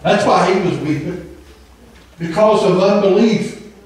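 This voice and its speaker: High-voiced preacher with a twang. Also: male voice, unhurried. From Southern Indiana. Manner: fervent, emphatic preaching with frequent amens, breaking into sung phrases. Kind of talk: sermon. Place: church sanctuary. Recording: echoey church hall from far off.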